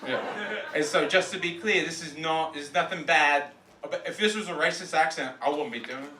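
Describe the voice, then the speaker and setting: A man doing Shakespeare as a loud London roadman. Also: on the high side, moderate pace, lightly acted. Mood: brash. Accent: London roadman slang (put on). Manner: loud, swaggering, rambling asides. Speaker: roast comedian. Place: comedy club stage. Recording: echoey club from a distance, noisy.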